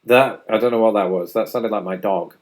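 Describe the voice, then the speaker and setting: A man's voice: fairly low pitch, fairly even intonation, fast talker, darkish tone. A British man giving wry, playfully exaggerated scripted narration as a YouTuber. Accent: British English. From Britain.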